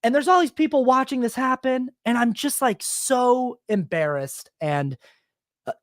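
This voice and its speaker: A man's voice: sits high, no room sound, studio quality. A man hosting a solo podcast, telling a self-deprecating story in a rambling, confessional way with many restarts. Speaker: podcast host.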